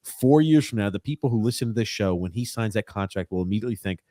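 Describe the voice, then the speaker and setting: A man co-hosts a casual sports podcast on a close, dry mic. He teases his partner and swears freely. His voice swings from loud, excited jabs to low mutters as he reads comments aloud. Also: quick pace, no room sound. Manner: animated, swings from loud excited jabs to mumbling while reading; profane and teasing. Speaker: podcast co-host.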